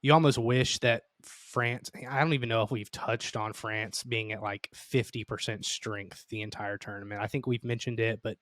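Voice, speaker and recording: A man co-hosting a podcast, chatting about a tournament in a measured, conversational way. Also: fairly low pitch, fairly even intonation, fairly bright tone, no echo. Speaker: podcast co-host. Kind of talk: casual soccer analysis chat.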